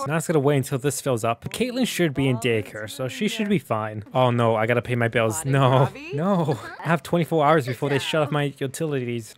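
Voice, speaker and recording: A man hosting a gaming video, chatting casually over gameplay and often talking back to the characters with excited outbursts. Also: mid-range voice. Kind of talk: casual let's-play commentary.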